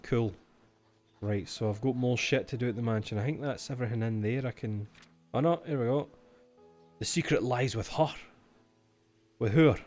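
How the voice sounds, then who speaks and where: A man's voice: mid-range voice, moderate pace, darkish tone, soft background music. Sweary Scottish man streaming a game. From Scotland. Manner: swears freely, reads game text aloud, joking asides. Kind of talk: livestream gameplay commentary.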